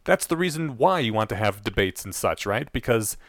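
A man co-hosting a podcast in casual discussion, explaining his points plainly and in a measured way. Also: medium pitch, big pitch swings, no echo, studio quality. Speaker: podcast co-host.

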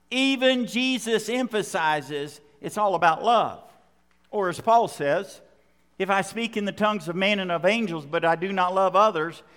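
A man's voice: sits high, normal speed, a bit bright, smooth, long reverb tail. A man preaching a sermon, reading scripture aloud and then driving his points home with emphatic repetition. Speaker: pastor.

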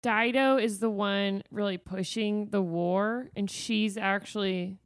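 A woman's voice: medium pitch, fairly even intonation, takes it slowly, dry recording. A woman co-hosting a casual fan podcast, playful and teasing, with dry quips. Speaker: podcast co-host.

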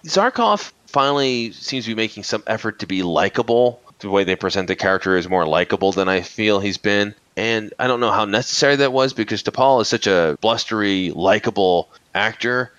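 A man hosting a casual movie podcast, rambling and halting, with many fillers and restarts. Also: on the low side, animated, fairly bright tone, no echo, dull audio. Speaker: podcast host.

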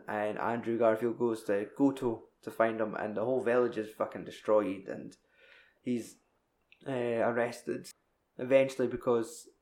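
A man's voice: mid-range voice, darkish tone. A young man in casual chat, recapping a film in a rambling, sweary way. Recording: echoey room.

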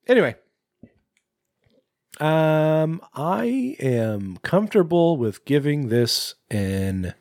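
Male podcast co-host, casual, rambly, animated pitch, dry sound. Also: very slow, dry recording. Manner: rambling, lots of fillers and restarts. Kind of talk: casual chat.

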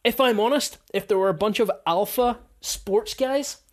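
A woman's voice: medium pitch, normal speed. A woman hosting a casual sports podcast, telling stories chattily and laughing often. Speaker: podcast host.

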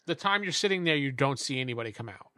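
A man's voice: mid-range voice, lively intonation, quick pace, bright, forceful tone, no room sound, clean studio sound. A man narrating a tabletop game as game master in a casual, rambling way with lots of fillers. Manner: casual, filler-heavy description.

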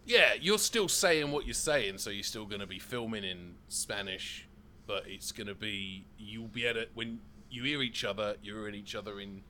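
A man's voice: fairly low pitch, normal speed, sharp tone, a little hiss or hum. A man playing his character in a tabletop role-play game, flustered and apologetic as he stumbles over his words. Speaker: player.

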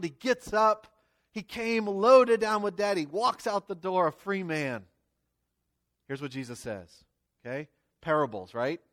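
A man preaching a sermon to his congregation, talking casually and checking in with "okay?" and "right?" before reading scripture with rising emphasis. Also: on the high side. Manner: conversational, tags lines with "okay?" and "right?"; reads scripture with swelling emphasis. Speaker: pastor. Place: church sanctuary before a congregation.

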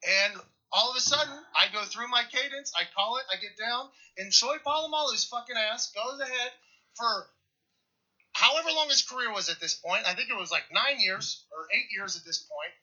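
A man in his thirties from Pittsburgh, telling a story in casual podcast chat, animated and profane, getting loud at the punchlines. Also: very high voice, normal speed, lo-fi sound. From Pittsburgh, USA.

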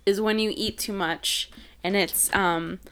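A woman's voice: medium pitch, steady tone, slow, a bit bright, clean tone. A woman with a Wisconsin accent co-hosting a podcast, chatting casually and rambling with lots of fillers and giggles. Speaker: podcast co-host. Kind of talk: casual chat. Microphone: headphones and studio mic.

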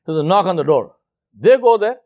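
A man preaching in a storytelling sermon, acting out the voices of the people in his story and dropping low for the lesson. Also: animated, a little fast, a little mellow.

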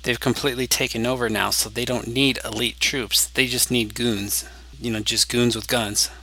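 A man's voice: mid-range voice, steady tone, normal speed, pushed and bright, slight background noise, rough recording. An American man co-hosting a casual podcast chat, rambling and eager as he spins fan theories. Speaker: podcast co-host.

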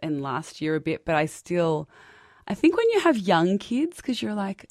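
A woman's voice: lowish voice, sing-song, moderate pace, a little mellow, dry recording, studio quality. A woman in her thirties hosting a podcast, chatting casually, laughing often and restarting her sentences. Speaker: podcast host. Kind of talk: casual conversational interview.

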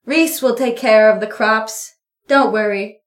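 A woman's voice: a little high, unhurried. Eager woman player in a tabletop game. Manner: eager, in-character chatter. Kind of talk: tabletop role-play. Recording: roomy echo.

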